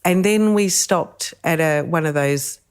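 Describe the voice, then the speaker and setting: Guest, Australian woman, middle-aged, deep-set voice, warm storyteller who laughs easily. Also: unhurried, smooth. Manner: lively, laughs often while telling stories. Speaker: podcast guest. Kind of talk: storytelling in casual chat.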